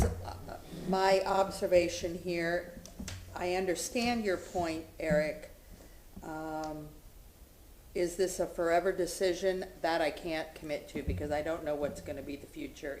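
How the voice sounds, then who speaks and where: A woman's voice: deep voice, echoey room, a little hiss or hum, low-quality recording. A woman on a city board laying out her questions firmly and holding off interruptions. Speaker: board member. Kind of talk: public meeting remarks. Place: city meeting room.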